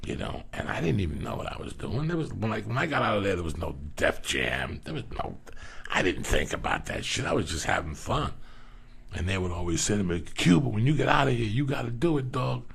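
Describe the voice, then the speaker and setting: A middle-aged man with a deeply gravelly, rough voice spins profane stories as a podcast guest. His delivery swings up and down in a lively way as he curses freely and acts out the people in his tales. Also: a little fast. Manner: animated, swearing constantly, acting out other voices. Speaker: comedian guest.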